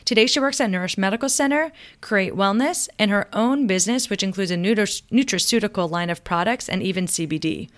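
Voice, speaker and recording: A woman's voice: medium pitch, fairly quick, hardly any pauses. A woman hosting a podcast, enthusiastic and laughing often in casual conversation. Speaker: podcast host, naturopathic doctor. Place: medical center room.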